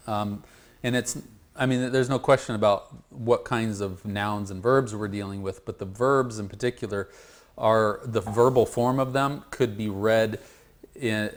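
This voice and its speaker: A lowish-voiced man guides a Bible study class through a passage, repeating words and speaking haltingly as he draws responses from the group.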